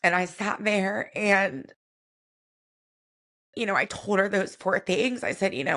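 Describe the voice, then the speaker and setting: A woman co-hosting a podcast tells a personal family story softly and reflectively, with many casual fillers. Her voice is medium-pitched and unhurried, and she pauses often.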